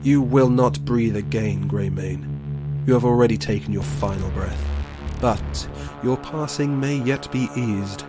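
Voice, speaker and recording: A man voicing a fierce mother bear queen, speaking in a slow, measured and menacing way. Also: medium pitch, music in the background, close to an everyday voice. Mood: cold menace.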